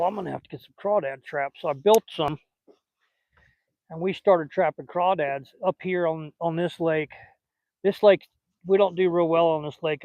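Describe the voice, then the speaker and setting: A man's voice: on the high side, no echo, highs cut off. Older Southern man, folksy fishing chat. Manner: folksy and rambling, chatting while fishing. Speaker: fishing vlogger. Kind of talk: casual outdoor chat. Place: outdoors by a lake.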